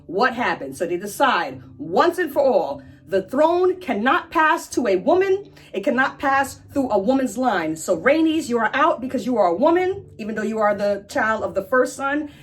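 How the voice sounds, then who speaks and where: Woman, husky, slightly high voice, casual explainer, irreverent and chatty. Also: big pitch swings, moderate pace. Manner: chatty, irreverent, swears, acts out quotes. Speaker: pop-culture explainer host.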